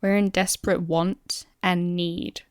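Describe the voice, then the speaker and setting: A woman's voice: on the low side, flat delivery, slow pace, darkish tone, smooth, dry recording, studio quality. Giggly woman co-host. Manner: giggly, self-deprecating. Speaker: podcast co-host. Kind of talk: casual chat.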